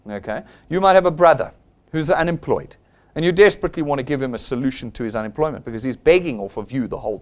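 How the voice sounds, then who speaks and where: South African male presenter, blunt and persuasive, higher pitch with a lively swing. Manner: blunt, persuasive, acts out quoted people. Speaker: seminar presenter. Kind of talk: motivational sales seminar talk.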